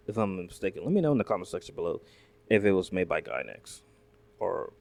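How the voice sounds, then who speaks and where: A man's voice: low voice, very animated, brisk, creaky, a little mellow, no room sound. A man hosting a reaction video, chatting casually, rambling with many fillers and restarts and asking the viewers questions. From Southern United States.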